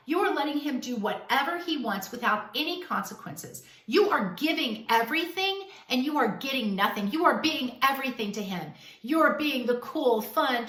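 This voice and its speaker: A woman's voice: sits high, fairly bright tone, reverberant, distant mic. A woman giving blunt, emphatic dating advice straight to the viewer, acting out bits of dialogue. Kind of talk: direct-to-camera advice talk.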